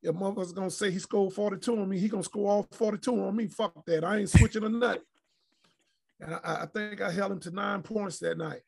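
He talks fast in a high-pitched voice, with vocal fry and a breathy edge. A middle-aged retired pro basketball player, he's a guest on a podcast, spinning profane, no-nonsense, animated yarns during a casual interview.

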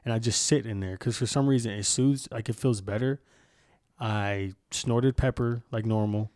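A man's voice: on the low side, moderate pace, darkish tone, no room sound, studio quality. A young man hosting a casual podcast, telling a story in a candid, rambling way with lots of swearing. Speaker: podcast host.

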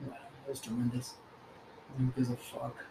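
A laid-back young man talks casually, peppering his speech with "like" and swearing, laughing often. His voice sits at an ordinary pitch. The room is echoey, with a faint hum of ambient noise behind him. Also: completely flat delivery, normal speed, gravelly. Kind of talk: casual chat.

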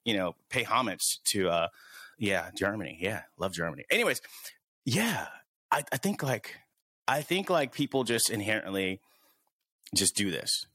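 A man's voice: on the low side, sing-song, normal speed, pushed and bright, breathy edge, dry recording. A man hosting a casual podcast, thinking aloud with many restarts. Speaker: podcast host.

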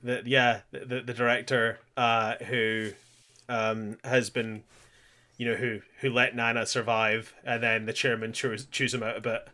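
A man in the middle of a relaxed podcast chat, running through an anime's scenes with plenty of laughter. His voice sits at an ordinary middle pitch, and he keeps slipping into quick mock voices for the characters. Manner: animated, laughs often, acts out lines in mock voices. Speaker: podcast co-host. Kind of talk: casual chat recapping an anime.

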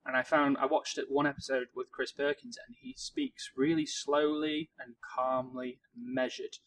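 A man's voice: mid-range voice, normal speed, low-quality recording. Encouraging podcast man. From Cheshire, England. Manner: encouraging, gives calm advice with small restarts. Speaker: podcast co-host. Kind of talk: casual podcast chat.

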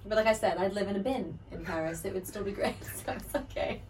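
A woman's voice: medium pitch, fast, a little mellow, recorded from a distance, poor audio. An American woman in a casual interview, chatty and self-deprecating, laughing often. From United States. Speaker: musical theatre actress, interview guest.

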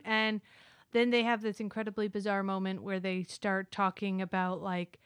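A woman's voice: medium pitch, flat delivery, normal speed, fairly bright tone, clear, resonant tone, dry recording, studio quality. A woman co-hosting a casual movie review chat, retelling scenes with lots of fillers and quoted lines. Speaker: podcast co-host.

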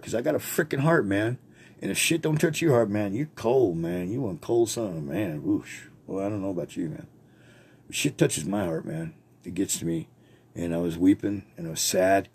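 A man's voice: fairly low pitch, gravelly, a little mellow, slight background noise. A man hosting a podcast, telling rambling personal stories in a casual, profane way and laughing often. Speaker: podcast host.

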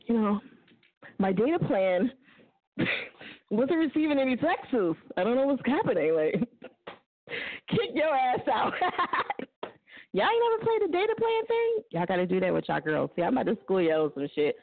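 A woman hosting a casual call-in radio show, joking loudly and laughing often. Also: medium pitch, very animated, normal speed, pauses often. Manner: loud, joking, laughs often, puts on voices for quotes. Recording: tinny phone-line sound, dry.

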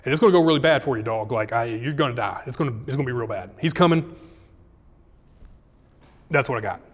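An exasperated pagan sorcerer, as a preacher puts him on, shrugging in casual slang. His voice sits mid-pitch and rings out in a long hall reverb. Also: expressive, fast, lightly acted. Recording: echoey hall.

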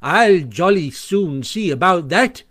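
A man's voice: sits high, lively intonation, slow pace, fairly bright tone, exaggerated voice. A man voicing a boastful, hot-tempered male toad in an audiobook reading, blustering and indignant. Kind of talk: audiobook character voice.

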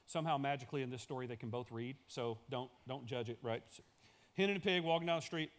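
A man's voice: mid-range voice, quick pace. A male pastor delivering a sermon in a church, building emphasis through repeated phrases.

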